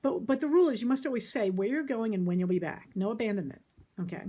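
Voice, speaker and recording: A middle-aged woman therapist giving a casual, folksy talk about relationships, emphatic and quick to laugh. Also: fairly high pitch, warm tone, breathy edge.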